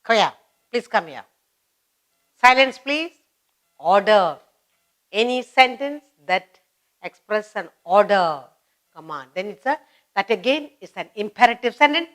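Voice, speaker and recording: A woman's voice: mid-range voice, lively intonation, unhurried, pauses often, fairly bright tone. A woman teaching a children's grammar lesson, repeating each example sentence and explaining it step by step. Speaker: English teacher.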